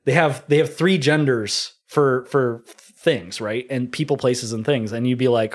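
A man's voice: mid-range voice, measured pace. A man telling rambling stories in a casual podcast chat, often acting out other people's lines. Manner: rambling storyteller, mock accents. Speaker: guest drifter.

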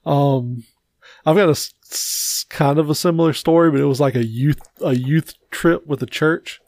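Casual man with a slightly high voice. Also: moderate pace, a little mellow, no room sound. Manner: loose, filler-heavy storyteller. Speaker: podcast co-host. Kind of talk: casual storytelling chat.

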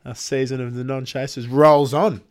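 A man's voice: medium pitch, steady tone, moderate pace. A man hosting a casual podcast chat, jokey and upbeat, with plenty of fillers. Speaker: podcast host.

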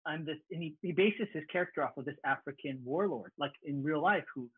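A man co-hosting a casual gaming chat, telling stories with animated energy. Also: a little high, husky, no echo, phone-quality sound. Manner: fast, animated storyteller. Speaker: podcast co-host.

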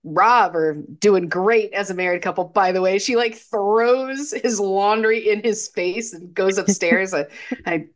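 A woman's voice: medium pitch, a little slow. Woman on a podcast going over a movie plot, chatty, trips over her words a bit. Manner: chatty, hesitant restarts. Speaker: podcast co-host. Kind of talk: casual movie recap chat.

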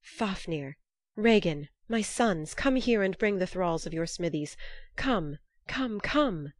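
A woman's voice: on the low side, normal speed, dry recording, lightly acted. A woman voicing a grasping, cunning old man in a storybook reading, given to shrieking demands.

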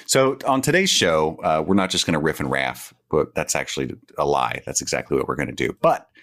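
A man's voice: extremely low pitch, fairly quick, a bit bright. A man co-hosting a podcast, joking and riffing casually with laughing asides. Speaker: podcast co-host. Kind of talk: casual chat.

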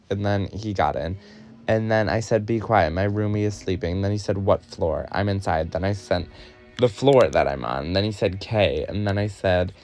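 A young man hosting a confessional podcast, talking in a candid, profane, campy way. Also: fairly low pitch. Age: young adult. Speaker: podcast host.

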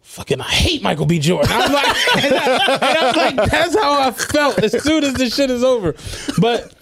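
A man co-hosting a podcast, telling animated stories in casual, profane chat and acting out what people said. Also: very high voice, normal speed, vocal fry, noisy background. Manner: animated storytelling, profane, acts out quotes. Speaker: podcast co-host.

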